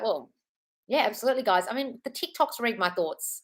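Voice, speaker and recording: A woman in her thirties, a manifestation coach, hosts a casual live Q&A stream from home. She answers viewer comments in a chatty, reassuring way, calling people darling and swearing now and then. Her medium-pitched voice is fairly quick, a bit bright, with lively intonation.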